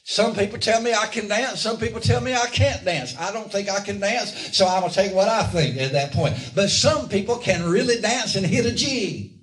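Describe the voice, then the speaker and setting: A man with a high-pitched voice preaches a sermon, pausing to ask the congregation for amens. The sound is roomy and comes from a distance, as if a mic was set across an echoey church sanctuary. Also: animated, a bit bright. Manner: call-and-response preaching, asks the congregation for amens.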